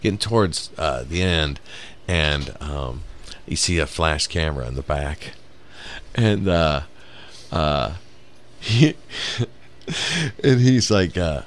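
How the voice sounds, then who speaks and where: A man's voice: very deep voice, expressive, takes it slowly, long pauses. A man casually telling a rambling, profane story on a podcast, laughing as he goes. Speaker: podcast host.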